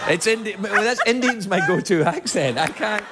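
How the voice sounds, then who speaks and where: A Scottish man hosting a late-night talk show, teasing his guest with quick jokes and asides. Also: high-pitched, lively intonation, a loud crowd. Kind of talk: comic banter with a guest. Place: TV studio with live audience.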